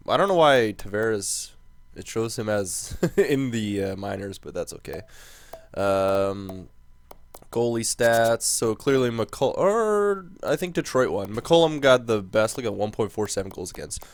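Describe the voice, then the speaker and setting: A young gaming commentator talks casually while playing a hockey management game, thinking out loud and quickly tipping into exasperated rants. His voice is fairly low with a clean tone.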